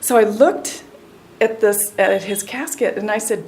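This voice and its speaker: An older woman, a spiritual teacher in her sixties from the United States, gives a devotional talk at a middle pitch. She speaks earnestly and sinks to a near-hush when the moment turns tender. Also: expressive, unhurried. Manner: earnest, drops to a soft hush at tender points. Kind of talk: devotional talk with a personal story.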